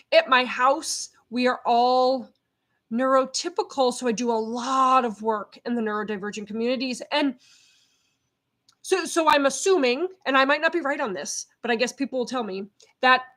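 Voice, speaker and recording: A middle-aged woman, a behavior consultant, talking casually to her camera in a feisty, loud, fired-up way. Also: sits high. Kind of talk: casual vlog talk to camera. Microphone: camera set up at home.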